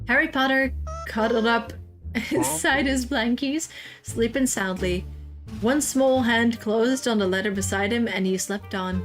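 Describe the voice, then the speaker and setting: A woman streamer reading a slang parody of a children's book aloud, swearing and laughing at the text. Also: medium pitch. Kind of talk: casual comic read-aloud.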